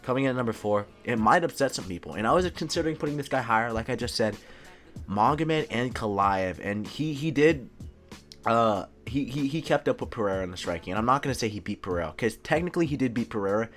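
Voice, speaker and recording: A man hosting his own channel gives casual commentary in an easygoing voice of middling pitch. He stumbles, repeats words and drops in "dude" often. Faint music runs behind him. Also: lively intonation, fast, fairly bright tone. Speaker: MMA YouTube host. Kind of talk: casual commentary ranking fighters.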